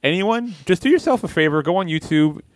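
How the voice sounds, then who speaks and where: A man hosting a podcast in casual chat, telling stories in an animated way, swearing and laughing as he goes. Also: sits high, brisk, no echo, studio quality. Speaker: podcast host.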